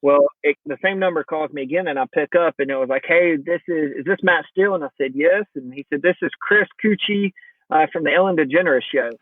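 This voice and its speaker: Man, podcast guest, animated storyteller, acts out quotes, phone-line audio. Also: a little high, brisk, no echo. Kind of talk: casual storytelling interview. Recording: tinny phone-line sound.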